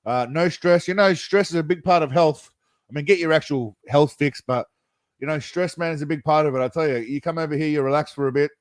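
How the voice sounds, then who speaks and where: A man's voice: on the high side, a little fast, dry recording. A man hosting a casual livestream chat, rambling with lots of laughter and calling viewers mate and brother. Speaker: livestream host.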